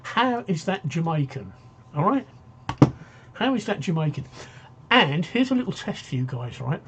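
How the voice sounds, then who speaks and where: A man's voice: a little high, sing-song, unhurried, pauses often, fairly bright tone, a little hiss or hum. Chatty man on a muffled stream. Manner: chatty, rambling, jokey, reads viewer comments aloud. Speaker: talk show host. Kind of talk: casual live-stream chat.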